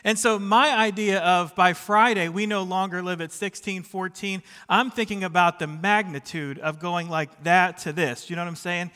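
A middle-aged pastor delivers a sermon full of personal stories in a church sanctuary, his high male voice steady in tone and moving at a normal speed with few pauses. He sounds pushed and bright, the tone clean, with a big-room sound. He's chatty and self-deprecating and keeps checking in with the congregation.

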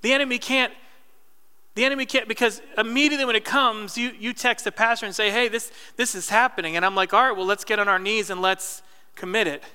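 Bright, crisp-voiced preacher man in a reverberant hall. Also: high-pitched, fairly even intonation, quick pace. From New Jersey. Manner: conversational storytelling with asides to the congregation. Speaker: pastor. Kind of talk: sermon. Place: church hall.

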